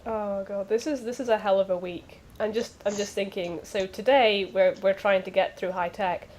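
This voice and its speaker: A woman chatting casually with fellow players before a tabletop game session, quick to laugh at herself. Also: medium pitch, steady tone, darkish tone, a little hiss or hum. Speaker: player and show host.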